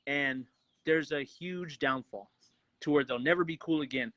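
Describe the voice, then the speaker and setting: A man co-hosting a casual movie review podcast is excited and profane, sometimes acting out lines from the films. His slightly high voice is bright and forceful, at normal speed. The recording is dry with no room sound, and the highs are cut off.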